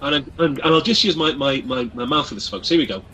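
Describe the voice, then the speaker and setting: Speaking fast and animatedly in a mid-range voice, this English radio host keeps things casual and jovial, addressing everyone as "folks" and stumbling whenever he restarts a line. Background noise runs underneath.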